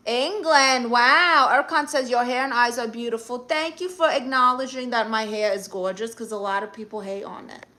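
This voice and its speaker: A woman's voice: a little high, fairly even intonation, normal speed, few pauses, pushed and bright. A woman with a Brooklyn accent hosting a live stream, reading viewer comments aloud and answering them in a sassy, brash way. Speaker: livestream host.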